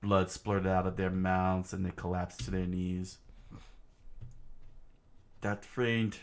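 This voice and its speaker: Deep gravelly man reading a comic aloud. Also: monotone, a little mellow. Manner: halting, many fillers and restarts, comments on panels. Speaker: reader of a comic.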